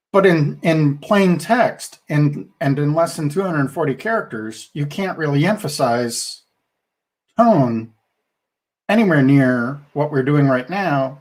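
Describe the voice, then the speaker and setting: Slow, measured male podcast co-host. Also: on the high side, animated, darkish tone. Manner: thoughtful, measured, with frequent restarts. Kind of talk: casual podcast discussion.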